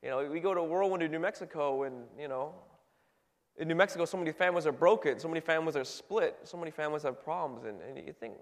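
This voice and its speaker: Man, casual sermon, chatty with fillers and restarts, slightly high voice, echoing church hall. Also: fast talker. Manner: conversational, many fillers and restarts. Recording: long reverb in a hall.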